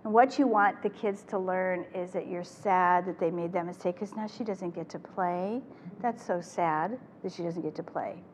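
An older woman presenting a parenting workshop to a live audience, talking in an animated way and acting out the phrases she quotes. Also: medium pitch. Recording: echoey hall with faint noise.

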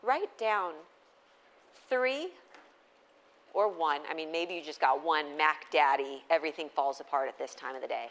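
A woman's voice: sits low, normal speed, fairly bright tone. A woman in her thirties speaking to a live audience about parenting, chatty and conversational, acting out exchanges with her children. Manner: conversational, acts out dialogue with her kids.

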